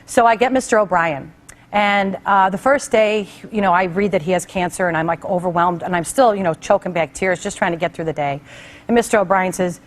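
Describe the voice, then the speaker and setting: A woman's voice: lowish voice, brisk. A middle-aged woman talk show host telling a heartfelt personal story in a conversational way, acting out the people she quotes. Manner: conversational, animated quoted voices.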